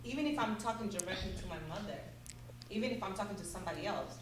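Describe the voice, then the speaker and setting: A woman's voice: medium pitch, expressive, racing. A woman in her forties co-hosting a podcast, speaking earnestly and emphatically in casual chat. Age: 40s. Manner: earnest, emphatic about respect. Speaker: podcast co-host. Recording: echoey, distant mic with faint noise.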